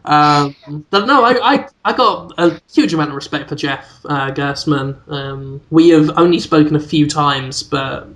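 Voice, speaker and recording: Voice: medium pitch, a little slow, few pauses, fairly bright tone. Chatty, self-deprecating podcast co-host. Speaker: podcast co-host, games journalist. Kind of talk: casual podcast banter.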